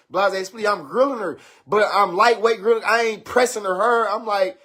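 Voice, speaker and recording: A man's voice: high voice, brisk, few pauses, bright, forceful tone. A father telling his own story in casual, blunt street slang, acting out quoted talk with his daughter, played from a video. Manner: blunt street slang, addresses listeners as bro.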